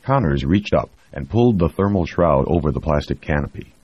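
A man reading a novel aloud in a steady, measured scripted narration. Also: very deep voice, husky, no room sound. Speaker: audiobook narrator. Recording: dry, dull lo-fi recording.

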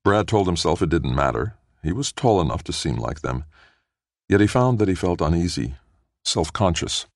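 A man narrating an audiobook in a steady, measured storytelling manner. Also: low voice, no echo, clean studio sound. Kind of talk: scripted narration.

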